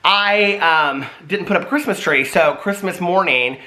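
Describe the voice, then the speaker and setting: A man vlogging casually to his viewers, chatty and animated, often asking them if they can see what he holds up. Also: high voice, measured pace, roomy sound. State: out of breath. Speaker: vlogger showing old Christmas keepsakes. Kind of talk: casual chat to camera.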